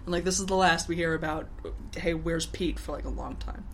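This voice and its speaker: A young woman co-hosts a podcast, rambling and laughing through a TV episode recap with plenty of fillers as she acts out the characters. Her voice is deep with vocal fry, and she talks fast in this casual chat.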